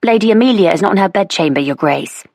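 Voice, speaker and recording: A woman's voice: medium pitch, lively intonation, fast, a little mellow, no room sound, studio quality, pitched above the performer's own voice. A woman voicing a timid, frightened young housemaid in a historical audiobook, her words trembling and pleading.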